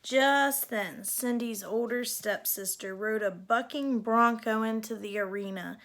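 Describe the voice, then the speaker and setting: Woman teacher, storybook read-aloud, slow and expressive, slightly high voice. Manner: unhurried, expressive reading.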